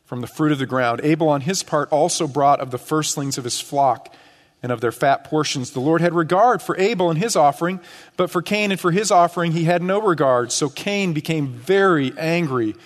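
A middle-aged male pastor preaching an earnest sermon, pushing up on questions and sinking low on key phrases. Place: church sanctuary. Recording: long church reverb.

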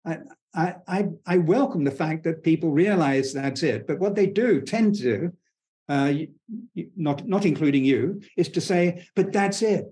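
A man speaking as a guest scientist in an interview, talking fast and enthusiastically, blunt and digressive, with frequent restarts. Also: fairly high pitch, mellow. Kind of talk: conversational interview explanation.

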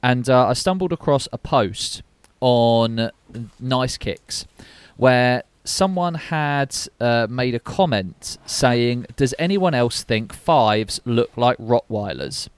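A man's voice: medium pitch, expressive, slow, few pauses, clean tone, no echo. A young man co-hosting a podcast, chatty and jokey, rambling with fillers as he sets up a game. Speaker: podcast co-host. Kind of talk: casual podcast chat.

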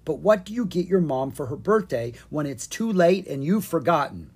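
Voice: mid-range voice, animated, normal speed, darkish tone, breathy edge, voice pushed up. A reader voicing a cheeky, stubborn young boy dragon in a storybook.

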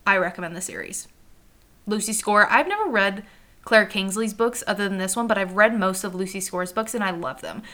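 A woman's voice: mid-range voice, fairly quick, bright, forceful tone. A young woman hosting a book podcast, chatting casually and animatedly, acting out characters' lines and swearing now and then. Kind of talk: casual chat.

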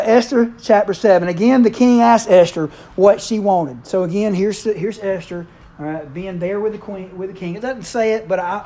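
A man, preaching in a relaxed, chatty way. He jokes with the congregation and slips into quick voices for the people in the story. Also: sits high. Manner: playful, acts out characters' lines in quick voices. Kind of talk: casual conversational sermon.

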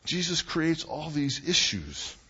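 Animated, conversational male pastor preaching. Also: fairly high pitch, slow pace, breathy edge, highs cut off. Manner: animated, conversational, rhetorical questions to the congregation. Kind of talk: sermon.

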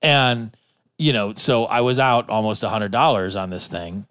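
A man's voice: fairly low pitch, normal speed, fairly bright tone, clear, resonant tone, no echo, studio quality. A man casually telling rambling, profane anecdotes as a podcast co-host, full of restarts. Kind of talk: casual storytelling chat.

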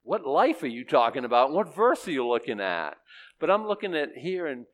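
A man's voice: a little high, very animated, normal speed. A man preaching a sermon as pastor, conversational and plain-spoken, rising to emphatic peaks.

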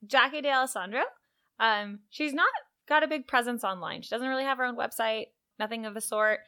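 Woman podcast co-host, higher voice, smooth and clear, relaxed and agreeable, casual chat. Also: a little fast.

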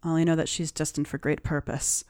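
A woman voicing a weary, wary witch who guards a child, speaking low and tired. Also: level tone, quick pace, a little mellow, no echo, studio quality, natural voice.

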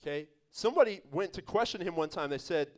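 A man's voice: fairly high pitch, animated, fast talker. A man, a pastor, preaching an evening church sermon in an emphatic, conversational way, with laughs and asides to the congregation.

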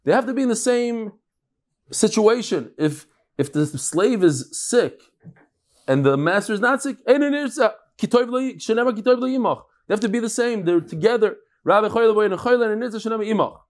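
A man teaching a live daily Talmud class, talking quickly and animatedly, with frequent restarts and Hebrew terms. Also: sits high, lively intonation.

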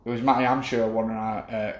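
A man who tells his football memories in a loose, meandering way, stopping and restarting as he goes. His voice sits in a middle pitch, and the recording has a roomy echo to it. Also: little pitch movement, quick pace. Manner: rambling storyteller, hesitant restarts. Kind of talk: casual chat.

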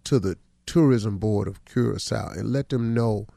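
A middle-aged man hosting a radio show, telling a story in a relaxed, colloquial way during casual morning chat. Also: on the low side, moderate pace, gravelly, no echo, clean studio sound.

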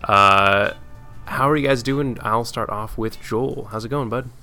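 A young adult man hosting a casual podcast, relaxed and laid-back, with lots of fillers. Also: medium pitch, unhurried, faint music behind. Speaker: podcast host.

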